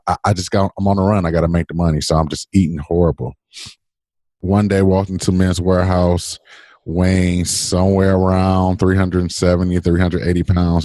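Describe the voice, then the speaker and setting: Man, low voice, animated storyteller, dry close sound. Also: no room sound. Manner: animated, laughing, acts out quoted voices. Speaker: podcast guest. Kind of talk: casual storytelling.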